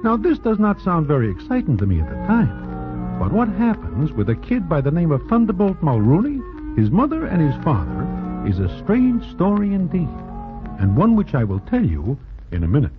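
An actor playing a wry, street-smart Broadway gambler, narrating in a dry, deadpan way in 1940s radio drama. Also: male voice, fairly high pitch, moderate pace. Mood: dry narration. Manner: dry, deadpan, present-tense storyteller. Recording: tinny old radio recording with music.

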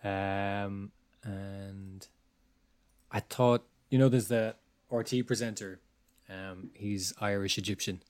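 A young man co-hosting a podcast in casual chat, laid-back and measured, often trailing off quietly. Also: fairly low pitch, fairly even intonation, clean tone, dry recording. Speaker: podcast co-host.

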